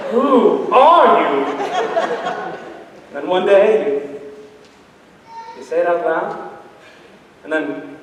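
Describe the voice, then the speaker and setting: A teenage boy in a high school stage musical, playing a lonely, rambling fan of old musicals who confides in the audience. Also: natural voice. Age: teens. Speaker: narrator character. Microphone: distant room mic. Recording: echoey hall from far off, faint noise.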